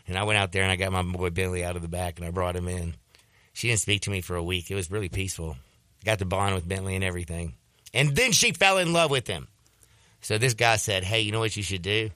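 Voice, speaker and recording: A man hosting a sports radio show, telling a story in a casual, animated way and slipping into voices when he quotes people. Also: on the low side, normal speed, no echo, clean studio sound.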